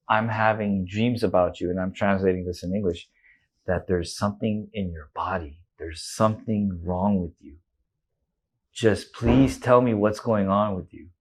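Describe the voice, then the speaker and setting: A man's voice: lowish voice, breathy edge. A man in his thirties, a guest in an interview, candidly retelling a personal story with emotion and quoted dialogue.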